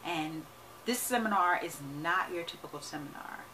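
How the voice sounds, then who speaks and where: A woman who works as a money and wealth coach talks casually to her viewers, energetic and emphatic, often checking in with "right?". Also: lowish voice, normal speed, background noise. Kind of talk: casual vlog talk to camera.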